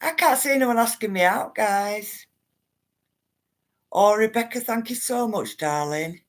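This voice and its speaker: A woman's voice: medium pitch, a little slow. A woman hosting a casual livestream, chatting to her viewers in a rambling way and reading their comments aloud. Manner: chatty, rambling, addresses viewers as guys and love.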